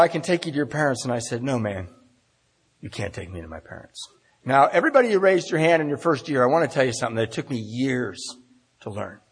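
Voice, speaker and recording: A man's voice: a little high, husky, in a large hall. A man giving a talk at a recovery meeting, telling his story to a large audience and acting out the voices of the people in it. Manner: animated storyteller, acts out voices.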